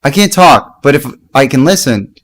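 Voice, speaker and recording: A man doing a flat, understated young student. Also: moderate pace, natural voice. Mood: deadpan. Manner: low-key, flat, understated. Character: understated young male friend at university. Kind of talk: comic reenactment of chat logs.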